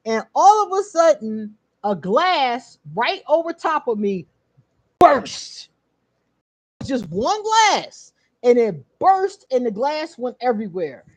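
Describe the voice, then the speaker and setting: A woman hosting her own channel, casually telling a story straight to her viewers, animated, laughing often and swearing freely. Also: sits high, slow pace, no echo. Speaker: channel host.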